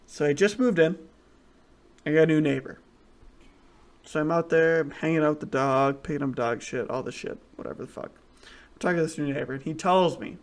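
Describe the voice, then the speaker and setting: A man co-hosting a casual podcast, rambling through crude jokes with lots of restarts. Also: on the high side. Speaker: podcast co-host. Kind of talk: casual chat, crude joke telling.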